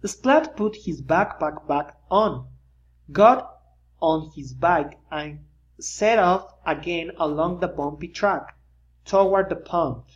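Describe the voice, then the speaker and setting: A reader narrating a children's picture book aloud, with lively storytelling and pointing asides. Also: medium pitch, takes it slowly, dull audio.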